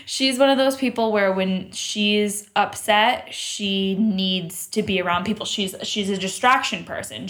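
A woman's voice: mid-range voice, fairly bright tone. A young adult woman co-hosting a podcast, talking frankly in casual chat and telling stories with a swear or two. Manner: frank, chatty storyteller who swears. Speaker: podcast co-host.

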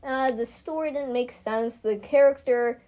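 A teenage girl with a fairly high voice co-hosts a relaxed chat show. She is playful and giggly, and she rattles off her thoughts in quick bursts. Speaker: podcast co-host. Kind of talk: casual chat.

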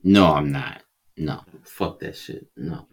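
A man co-hosting a podcast in casual banter, cursing freely, with loud exclamations and frequent laughs. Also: a bass voice, slow, creaky. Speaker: podcast co-host.

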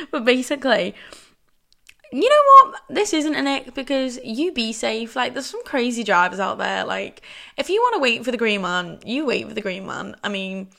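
A woman's voice: fairly high pitch, creaky, a bit bright. A young woman hosting a casual solo podcast, rambling chattily and filling every sentence with "like". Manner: chatty, rambling, says "like" constantly. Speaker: podcast host.

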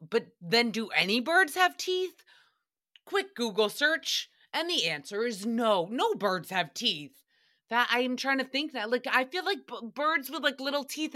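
A woman's voice: on the high side, pushed and bright. A woman hosting a casual solo podcast, recapping another show in a sassy, chatty way, swearing freely and mocking the people she quotes.

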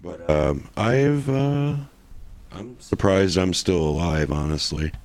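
A man's voice: sits low, takes it slowly, a little mellow. A man chatting loosely as a podcast guest, profane and full of restarts. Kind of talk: casual podcast chat.

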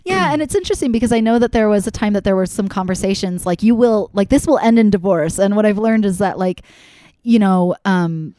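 A woman's voice: mid-range voice, expressive, a little fast, mellow. A young adult woman chatting candidly as a podcast guest, rambling with lots of fillers. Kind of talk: casual chat.

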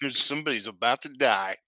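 Man, podcast co-host, very bright voice, slow wry remarks, dry sound. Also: mid-range voice, dry recording. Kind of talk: casual chat.

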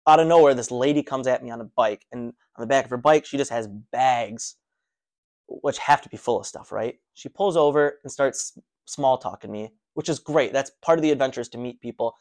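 A man's voice: mid-range voice, moderate pace. Man animatedly recounting a running story. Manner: animated, breathless recounting with restarts. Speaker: runner telling his own story. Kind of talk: casual personal storytelling.

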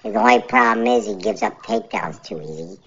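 A man's voice: high voice, wildly swooping pitch, a little fast, gravelly, pushed and bright, slightly rough. A man ranting alone on his podcast, rambling and irritated, repeating his phrases. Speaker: podcast host. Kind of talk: solo podcast rant. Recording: dull lo-fi recording.

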